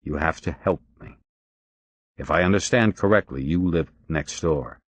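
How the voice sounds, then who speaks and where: A man's voice: rumbling low, normal speed, no room sound. A man voicing a grim male police detective who gives curt, urgent orders.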